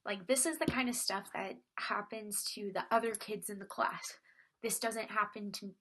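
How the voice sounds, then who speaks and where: A young woman telling a personal story in a soft, often whispery voice, with many filler words. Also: medium pitch, moderate pace. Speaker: vlogger.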